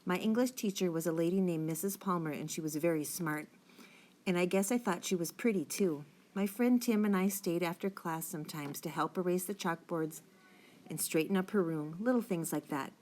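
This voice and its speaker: A woman reading the part of a calm father gently reassuring his son at night. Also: on the low side, normal speed, close to an everyday voice. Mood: thoughtful. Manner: gentle, soothing, thoughtful.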